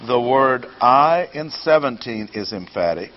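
Male Bible teacher, average pitch, patient and methodical, repeats key points; dull lo-fi tape. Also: lively intonation, measured pace, slight background noise. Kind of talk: classroom Bible lesson. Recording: dull lo-fi recording.

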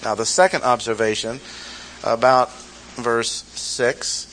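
Emphatic male Bible teacher, mid-pitched. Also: fairly even intonation, slow pace, a bit bright, slight background noise, low-quality recording. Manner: emphatic, repeats key phrases, asks the audience questions. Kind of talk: expository sermon.

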